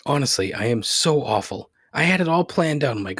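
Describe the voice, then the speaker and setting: Animated and brisk, with few pauses, a podcast host with a mid-range, slightly bright voice rants on his own show, swearing often and laughing ruefully at himself in frustration. The recording is dry and clean, studio quality.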